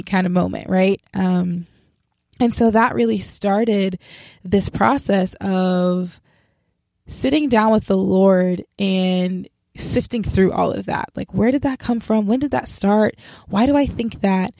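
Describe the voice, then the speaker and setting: A young woman talks through her faith testimony in a candid, self-reflective way, straightforward and sharp in how she puts things. Her voice sits at a middle pitch for a woman, and the recording is close and dry with no room sound. She slips into remembered conversations as she goes. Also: measured pace, dry recording. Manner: straightforward, describes herself as sharp. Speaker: speaker sharing a personal faith testimony. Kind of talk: casual spoken testimony.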